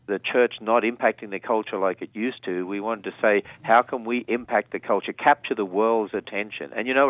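A man's voice: lowish voice, dry recording. Australian man on a tinny phone line. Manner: fluent, enthusiastic, explanatory. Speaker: guest on a call-in radio show. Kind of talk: phone interview.

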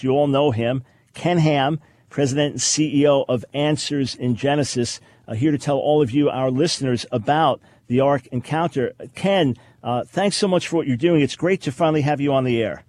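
A man's voice: mid-range voice, normal speed, a little mellow. A man hosting a radio talk show, speaking emphatically with frequent restarts. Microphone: studio microphone.

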